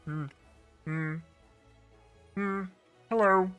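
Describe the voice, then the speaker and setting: A man voicing Kermit the Frog, a gentle male puppet frog, humming and halting before he speaks. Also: high-pitched, fairly even intonation, smooth, faint music behind, voice pushed up, exaggerated voice. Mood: wistful.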